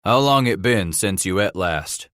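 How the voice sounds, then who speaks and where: A man voicing a friendly head oarsman on a river flatboat, speaking folksy with a Kentucky accent. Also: lowish voice, unhurried, no room sound, studio quality.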